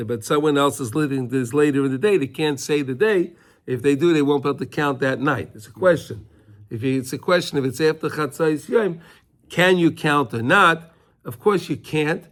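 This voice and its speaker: A man with a somewhat raised pitch leads a casual Torah class in front of students. He talks in a loose, repetitive way and keeps checking in with his listeners to be sure they follow. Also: normal speed, a bit bright. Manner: repetitive, conversational, often checking in with "right?". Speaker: Torah teacher.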